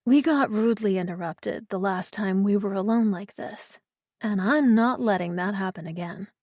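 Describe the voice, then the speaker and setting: A woman voicing a charming, mischievous young man in a romantic mystery audiobook, speaking softly and teasingly. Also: high voice, normal speed, dry recording, studio quality. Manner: soft, teasing, drawn out.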